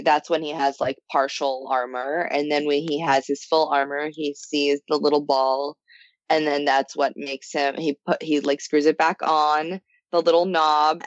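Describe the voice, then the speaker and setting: A woman's voice: deep voice, dry recording. A woman chatting casually, rambling eagerly as she explains. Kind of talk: casual chat. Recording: dull, dry sound.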